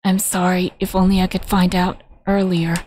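A woman voicing a grieving, remorseful male teacher who speaks slowly and apologetically. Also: on the low side, flat delivery, darkish tone, a little hiss or hum, lightly acted.

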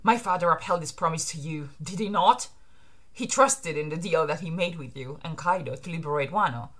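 A woman reading aloud as a proud young samurai daughter, speaking slowly, solemnly and with accusation. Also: low voice, fairly bright tone, pitched below the performer's own voice.

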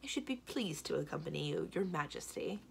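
A woman voicing a brisk, confident young princess who speaks decisively, reading a children's book aloud. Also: low voice, expressive, gravelly, a little hiss or hum.

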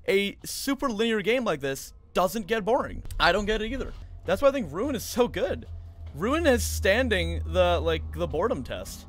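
A man's voice: on the high side, expressive, a little fast. A young man chatting casually and jokingly while live-streaming a speedrun, often laughing.

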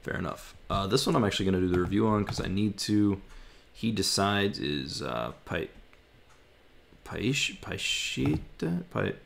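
A man vlogging his language study, thinking aloud, haltingly sounding out words and correcting himself. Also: on the low side, lively intonation, vocal fry, slight background noise.

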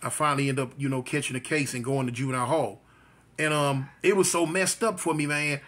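Bright-voiced man telling a vivid story. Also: medium pitch, fairly even intonation, a little fast. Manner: vivid storyteller who repeats phrases and mimics gunshots. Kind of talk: personal life story, casual telling.

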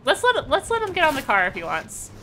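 A woman's voice: high-pitched, huge pitch swings, fast, sharp tone, a little hiss or hum. Bubbly woman streaming games. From Canada. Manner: bubbly, encouraging, laughs often. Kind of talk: casual gaming chat.

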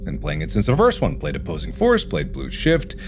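Animated man yelping through a horror game. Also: brisk, soft background music. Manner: animated, jumpy, breaks into high yelps and shouts. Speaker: gaming video host. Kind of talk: let's play commentary. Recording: steady background noise.

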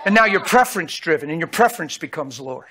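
A preacher with a high, bright voice delivers a lively sermon in a folksy, emphatic way. He keeps checking in with his listeners, pressing each point home. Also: fast talker. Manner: emphatic, calls out to the audience, folksy.

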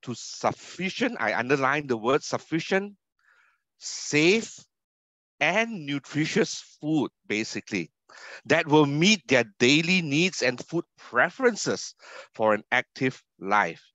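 A man's voice: fairly high pitch, very animated, takes it slowly, a bit bright, no echo. A man from Singapore with a Singaporean English accent, a university academic giving a keynote lecture over a video call, stressing key words and asking rhetorical questions. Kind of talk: online conference lecture. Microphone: video call computer mic. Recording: dull, dry video call audio.

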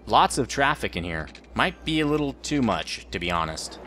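A man's voice: medium pitch, big pitch swings, normal speed, pushed and bright, slight background noise. A man rambling through let's play commentary as the host of a gaming channel, joking about his own mistakes.

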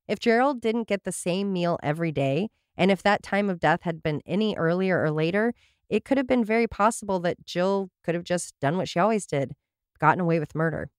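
A woman's voice: lowish voice, a little fast, clear, resonant tone, no echo. A woman hosting a casual podcast, telling stories with dry, sarcastic asides. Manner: wry, sarcastic asides while reading a story. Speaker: podcast host.

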